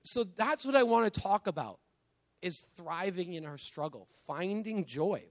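A man's voice: high voice, expressive, a little slow. A man in his thirties, who has young children, giving a casual, conversational sermon, peppering it with "like" and "right?" and laughing at himself. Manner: conversational, lots of "like" and "right?", self-mocking laughs. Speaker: guest preacher.

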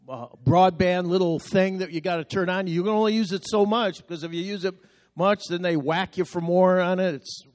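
A middle-aged man preaching a sermon as pastor, telling folksy stories and building to fervent exhortation. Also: high voice. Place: church sanctuary. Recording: long reverb of a large sanctuary.

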